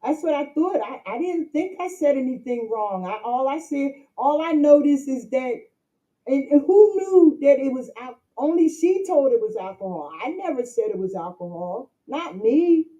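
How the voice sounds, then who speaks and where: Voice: high-pitched, expressive, normal speed, warm tone, muffled recording. A livestreamer talking casually to chat, rambling and repeating points while addressing viewers directly.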